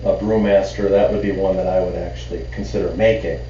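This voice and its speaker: A man with a low voice tells a rambling story in casual podcast chat, stumbling over restarts and perking up when amused. He sits a little away from the mic in an echoey room. The sound is dull, with faint hiss underneath. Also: little pitch movement, fast, dark tone, far from the mic. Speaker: podcast co-host.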